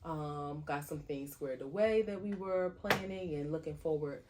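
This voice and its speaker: A woman co-hosting a podcast in casual chat, chatty and quick to laugh. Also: sits low. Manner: chatty, laughs easily, loud-ish. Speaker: podcast co-host.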